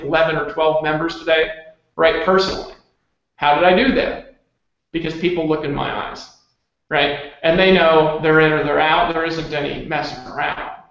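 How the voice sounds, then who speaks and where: A man leading an online team hangout, delivering a pushy motivational pitch with rapid-fire, repetitive calls to commit. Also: fairly bright tone. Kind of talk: motivational pitch on a video call. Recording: very echoey, dull lo-fi sound.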